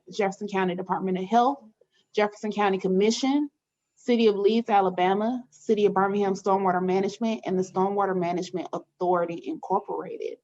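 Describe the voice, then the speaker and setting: Her medium-pitched voice is a little mellow as she hosts an online webinar, casually running through housekeeping announcements. She's chatty and friendly, with frequent fillers, and the video-call audio sounds muffled.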